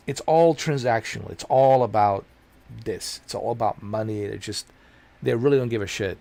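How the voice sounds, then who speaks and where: A streamer chatting casually, ranting in a rambling, blunt and profane way and repeating himself. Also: male voice, on the low side, moderate pace, gravelly, dark tone.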